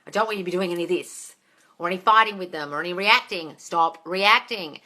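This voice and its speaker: A woman's voice: fairly low pitch, brisk, sharp tone. A woman hosting a casual live-stream Q&A. She reads out viewer comments, swears freely and calls listeners darling. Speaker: host of a manifesting Q&A live stream.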